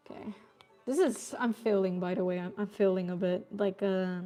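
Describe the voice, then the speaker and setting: Faint music plays behind this young artist as she draws on stream at home and chats with viewers, laughing and swearing a lot. Her voice is medium in pitch and dark in tone, with a steady delivery at a moderate pace.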